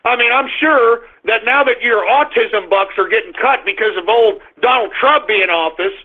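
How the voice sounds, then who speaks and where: A man hosting a radio talk show, ranting aggressively and shouting insults at his listeners. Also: very high-pitched, moderate pace. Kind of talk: angry ranting monologue. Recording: muffled phone-line radio stream.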